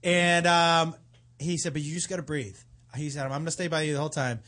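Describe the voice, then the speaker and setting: A man telling a story in casual chat, animated and profane, acting out what others said. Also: a little high, fast talker. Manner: animated, profane, acts out quotes.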